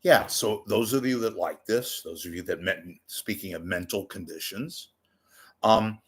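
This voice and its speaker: Talking into the camera in a home room with a TV monitor behind him, a commentary vlogger rambles through jokey, sweary asides and bursts into silly voices. His voice is fairly low and his pace measured.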